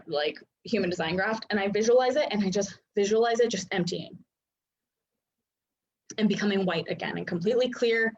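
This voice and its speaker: A woman in her thirties coaches human design from her home office over a video call, her mid-range voice chatty, laughing often and full of fillers in a casual teaching style. The highs are cut off and a slight hiss or hum is present.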